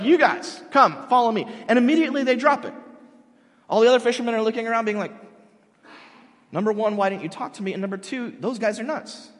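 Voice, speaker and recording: A man preaching a sermon in an animated way, acting out quotes, with frequent restarts. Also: sits high, long reverb tail. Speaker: pastor.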